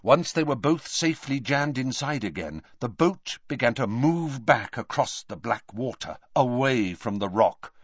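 A man's voice: medium pitch, no echo, highs cut off. A man reading a fantasy novel aloud as an audiobook narrator, with dramatic, swelling delivery. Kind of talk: scripted narration.

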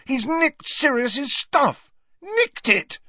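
A man voicing a hot-tempered teenage boy wizard who snarls and shouts in anger. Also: on the high side, sing-song, unhurried, slightly rough, dry recording, dull audio, voice pushed up, exaggerated voice. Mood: shouting.

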